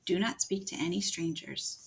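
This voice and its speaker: A woman's voice: fairly low pitch, steady tone, moderate pace, husky, rough recording. A woman reading as a firm storybook mother. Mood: warning. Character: stern mother in a storybook warning her daughter.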